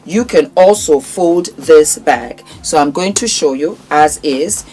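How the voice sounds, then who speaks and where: A woman's voice: deep voice, slow pace, soft background music. A woman vlogger presenting a bag from her own brand to camera, calling viewers "darling" and repeating her selling points with emphasis. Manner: warm, affectionate, calls viewers darling; emphatic, repetitive sales patter. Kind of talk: product showcase to camera.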